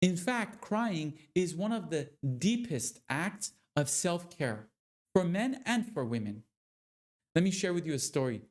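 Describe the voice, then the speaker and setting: A man giving a motivational talk to other men, speaking with slow, deliberate, preacher-like emphasis. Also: high voice, big pitch swings. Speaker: motivational coach.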